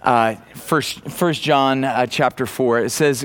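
A man preaching a sermon who reads scripture slowly, tells stories with restarts and repeated words, and builds to loud, fervent preaching. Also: medium pitch, clear, resonant tone. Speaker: pastor.

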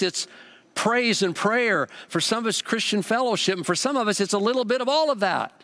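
A man preaching a sermon with a lively, repeating cadence and an easygoing storytelling manner. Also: high voice. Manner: animated, repetitive preaching cadence. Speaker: pastor.

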